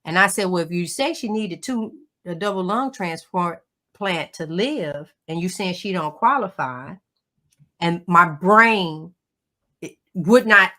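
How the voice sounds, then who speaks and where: A middle-aged woman, a guest on a livestream call, telling a personal story in an emotional, animated way. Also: fairly low pitch, takes it slowly. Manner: emotional, animated storytelling with Southern turns of phrase.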